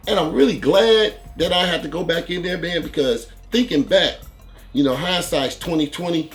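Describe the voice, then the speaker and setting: A man telling a story in a casual monologue as host, profane and animated, punching out sound words for the blows. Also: sits high, brisk, gravelly, faint music behind. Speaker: host recounting prison stories.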